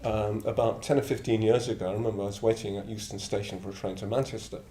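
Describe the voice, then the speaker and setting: Brief: man in his 70s from northern England, lowish voice, blunt and digressive, echoey room. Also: little pitch movement, quick pace, mellow. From Middlesbrough, northern England. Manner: blunt, digressive, chuckling storyteller. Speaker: Buddhist order member. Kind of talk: reflective anecdotal talk. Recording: echoey room with faint ambience.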